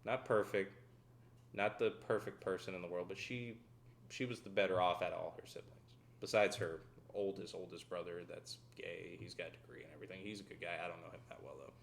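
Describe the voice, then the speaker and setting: A man's voice: low voice, steady tone, brisk, gravelly. A man chatting as a podcast guest, laid-back and agreeable with crude humor. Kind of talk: casual podcast chat.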